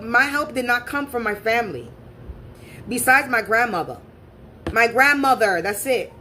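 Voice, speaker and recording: Lady with a higher voice ranting through a personal story, swears a lot, keeps repeating herself, faint noise behind. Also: sharp tone. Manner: blunt and profane, repeats herself for emphasis. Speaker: spiritual reader and channel host.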